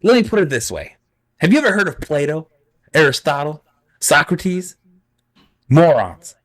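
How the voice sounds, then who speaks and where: A man putting on a high, louder voice as a pompous bald schemer who boasts of his brains and reasons in circles aloud. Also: sing-song, moderate pace. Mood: smug. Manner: smug, lofty, talks himself in circles.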